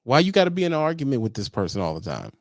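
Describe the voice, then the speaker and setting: Blunt gravelly man. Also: rapid-fire, no room sound, studio quality. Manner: blunt, animated, swears, rises to loud high-pitched emphasis. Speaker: trucking livestream host. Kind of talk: casual advice talk to viewers.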